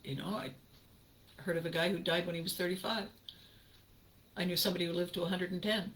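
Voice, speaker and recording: A woman hosting her own channel, talking casually to viewers, laughing often and drifting into slow, reflective musing. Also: fairly low pitch, fairly even intonation, a bit bright, a little hiss or hum. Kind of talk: casual livestream chat with viewers.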